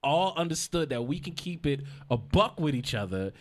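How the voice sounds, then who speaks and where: A man's voice: fairly high pitch, sing-song, moderate pace. A man with a New York-New Jersey urban accent co-hosting a casual podcast, laughing often and making his points earnestly and with emphasis. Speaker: podcast co-host. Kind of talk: casual banter.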